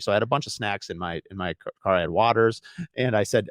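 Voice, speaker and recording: Fast-talking builder guest, man, low voice, lively storyteller, dry studio mic. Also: dry recording. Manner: fast, animated anecdotes with laughs. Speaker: custom home builder, podcast guest. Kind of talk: casual storytelling chat.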